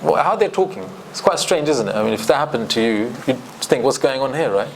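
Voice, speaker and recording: Man, teacher, lively scripture commentary, mid-pitched voice. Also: fast talker, creaky, slight background noise. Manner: lively, acts out quoted speech, recites Arabic verses.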